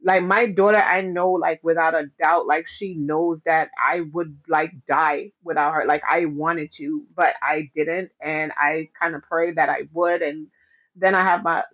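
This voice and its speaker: A woman's voice: low voice, steady tone, measured pace, highs cut off. A woman vlogger in casual direct-to-camera talk, rambling with lots of fillers and restarts.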